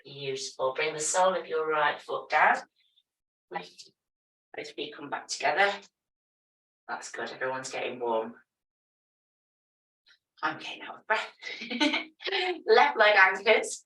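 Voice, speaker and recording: Low-voiced woman calling yoga cues. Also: moderate pace. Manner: calm step-by-step movement cues. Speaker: yoga teacher. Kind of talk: guiding a yoga class. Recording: echoey room, voice from a distance.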